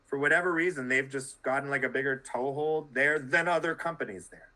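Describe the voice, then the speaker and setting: A man talking as a guest on a conversational podcast, animated and full of quick asides. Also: medium pitch, poor audio. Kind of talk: casual conversation.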